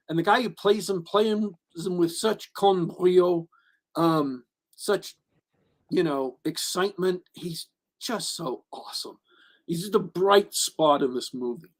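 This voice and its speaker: A man co-hosting a podcast, reviewing a movie in casual chat. He rambles with many restarts and fillers and gets emphatic when he gives his opinions. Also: sits high. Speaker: podcast co-host.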